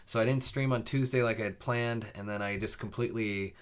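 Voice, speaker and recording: A man's voice: on the low side, steady tone, fairly quick, clean tone. A young man hosting a live coding stream, chatting casually with viewers in a rambling way, full of fillers and restarts before the lesson.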